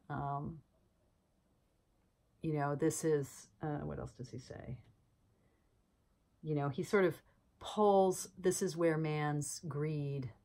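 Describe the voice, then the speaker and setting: A woman's voice: low voice, rough recording. A woman hosting a video, talking casually and musing as she shows cards, with many fillers. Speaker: tarot channel host. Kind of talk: casual talk to camera.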